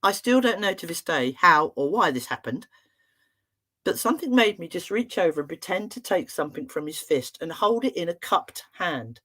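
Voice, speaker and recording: A middle-aged woman, an emotional therapist giving a talk, telling stories in a chatty, humorous and expressive way. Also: fairly low pitch, moderate pace, husky. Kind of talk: storytelling talk to an online audience.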